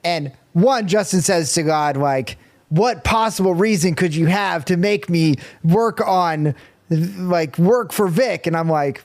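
A man with a fairly high voice chats loosely about a movie, breaking into quoted lines with a lot of energy. His sound is dry and close, with no room around it. He swears easily and talks in a casual, joking way. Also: slow, dry recording. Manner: animated, swears, acts out quotes. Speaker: podcast co-host. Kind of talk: casual movie review chat.

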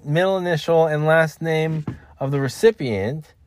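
A man's voice: a little high, moderate pace, voice pushed up, close to an everyday voice. A man putting on a fussy, griping old male TV commentator for comic effect. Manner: fussy, nitpicking complaint. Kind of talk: comic impression.

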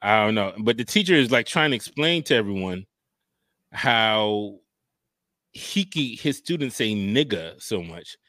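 Low-voiced man chatting casually on a podcast. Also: no room sound. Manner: relaxed, drawn-out storytelling with slang. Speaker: podcast co-host. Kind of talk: casual chat.

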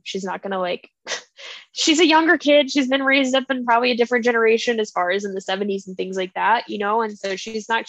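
A woman's voice: medium pitch, creaky, fairly bright tone, dry recording, dull audio. A woman co-hosting a casual book podcast, retelling the story with feeling and acting out little quoted lines. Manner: emotional, retells the plot with little quoted voices. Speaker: podcast co-host.

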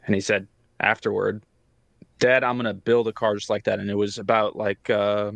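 A man's voice: fairly low pitch, flat delivery, normal speed, creaky, no echo. A man co-hosting a podcast, explaining at length with many fillers in casual chat. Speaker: podcast co-host.

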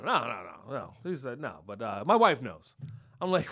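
A man's voice: mid-range voice, normal speed, husky. A man hosting a podcast, telling a profane story in a casual way and acting out the people in it. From Philadelphia. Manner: profane, animated, acts out the people in his story. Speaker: podcast host.

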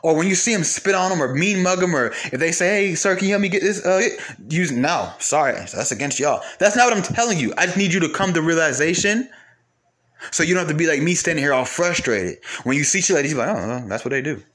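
A man with a high voice rants straight to camera, piling up profanity and rhetorical questions. His tone is sharp and forceful, and he keeps hammering the same points. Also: animated, brisk. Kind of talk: heated profane rant to camera.

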